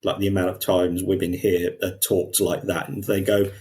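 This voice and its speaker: Male podcast co-host, deep voice, lively, restarts sentences. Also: moderate pace, slight background noise. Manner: animated, quotes people in put-on voices, frequent restarts. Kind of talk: casual discussion.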